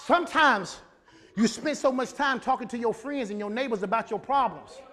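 A man preaching a sermon in a lively, folksy style, building up to shouts. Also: very high voice, moderate pace. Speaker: pastor.

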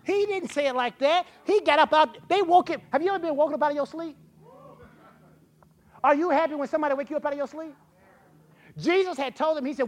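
A woman preaching a sermon with folksy, vernacular phrasing, building up to shouts. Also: high-pitched, fast talker, long pauses. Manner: animated, rising to shouts.

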